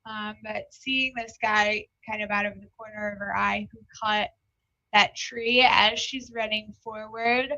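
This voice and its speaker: A woman's voice: mid-range voice, fairly even intonation, measured pace, pushed and bright, no echo, lo-fi sound. A woman playing a tabletop game, hesitantly describing her character's actions with many ums. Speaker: player.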